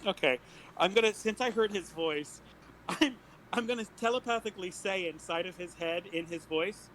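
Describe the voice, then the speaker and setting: A man's voice: high voice, normal speed, fairly bright tone, slight background noise, poor audio. A man playing a tabletop game, playful and giggly, joking in character. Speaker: player.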